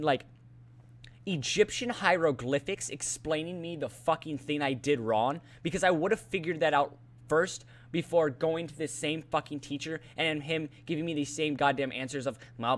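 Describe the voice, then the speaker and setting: A man's voice: a little high, moderate pace. A teenage boy venting in an angry rant about school, profane and exasperated, often stumbling over his words and restarting. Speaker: student venting on a vlog.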